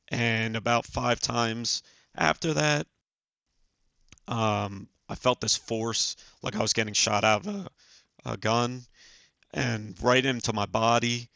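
A man in his forties, a podcast guest, telling a personal story in an earnest, halting way with many fillers. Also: on the low side, fairly even intonation, gravelly, bright, forceful tone, no echo. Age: 40s. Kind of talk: casual storytelling.

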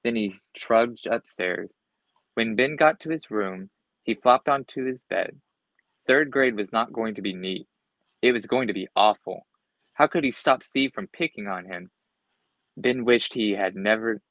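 A man's voice: fairly low pitch, dry recording, muffled recording. Man reading a children's storybook aloud. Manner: expressive, occasional slips and restarts. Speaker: storybook reader.

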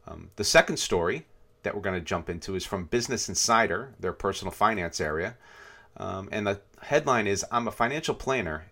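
A man with a low voice that still rings bright and forceful hosts a podcast in easy conversation. He talks through news stories with plenty of fillers and restarts. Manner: conversational, reads headlines aloud, frequent fillers. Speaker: podcast co-host. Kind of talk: casual podcast discussion.

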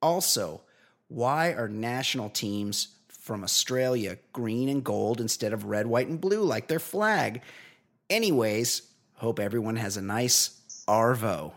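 Gravelly-voiced man hosting a podcast. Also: medium pitch, lively intonation, unhurried. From New Zealand. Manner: jokey, mock-formal announcing. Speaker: podcast host. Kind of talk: casual podcast banter.

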